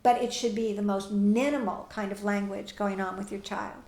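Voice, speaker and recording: A woman's voice: medium pitch, steady tone, moderate pace, darkish tone, echoey room. A woman teaching parents and answering audience questions, plainspoken and direct, often acting out what parents and children say.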